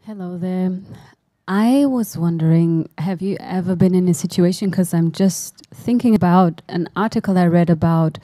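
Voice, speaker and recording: A woman's voice: on the low side, dark tone, no echo. A woman from the audience asking a thoughtful, slightly hesitant question.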